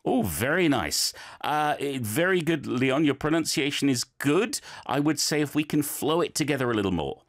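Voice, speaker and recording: Encouraging male teacher, lively voice. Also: a little high, normal speed, hardly any pauses. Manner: encouraging, chatty, with frequent fillers. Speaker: language teacher giving feedback. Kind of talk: friendly feedback on learners' clips.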